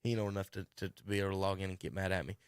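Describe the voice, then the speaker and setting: A middle-aged man, hosting sports talk radio and telling a rambling, animated coaching story with many restarts. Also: low voice, rapid-fire, smooth, dry recording, studio quality. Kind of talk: casual radio chat narrating a video clip. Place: radio studio.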